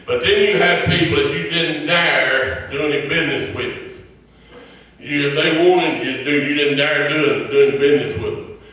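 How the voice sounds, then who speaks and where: A man's voice: on the high side, moderate pace, sharp tone. An older man preaching a folksy sermon, mimicking complainers' voices and chuckling between points. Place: church sanctuary. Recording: echoey church from far off.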